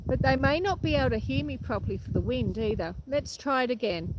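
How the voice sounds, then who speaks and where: A woman's voice: high voice, lively intonation, brisk, hardly any pauses, poor audio. A woman hosting a casual livestream outdoors on a farm. She chats to viewers and answers their comments while walking, and her voice is cracking. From Australia. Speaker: livestream host. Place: outdoors on a windy rural farm paddock. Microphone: handheld phone. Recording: outdoor phone recording with loud wind noise.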